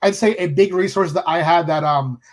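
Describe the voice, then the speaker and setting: A man speaking as an author on a live panel, halting often with fillers. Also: a little high.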